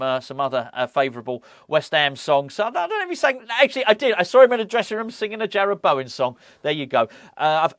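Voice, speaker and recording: A man's voice: medium pitch, no echo. Chatty man hosting a football fan channel. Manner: chatty, enthusiastic, many restarts. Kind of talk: casual commentary.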